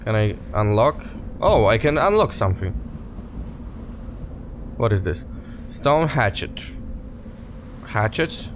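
Excitable let's player, very lively pitch, slow delivery. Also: male voice, slight background noise. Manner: excitable, laughing, talks to viewers as guys. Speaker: gaming youtuber. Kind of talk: casual let's play commentary.

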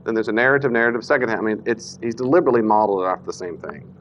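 A man teaching a Bible class in a casual lecture style, animated and self-correcting, now and then acting out the speakers he quotes. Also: fairly low pitch, racing, a little hiss or hum. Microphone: Bluetooth mic that cuts out. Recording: dull lo-fi lecture recording.

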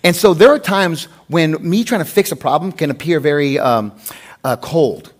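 Male pastor, sermon, fairly high voice, lively humorous storytelling. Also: moderate pace. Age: adult with a wife. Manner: conversational, animated storytelling with humor.

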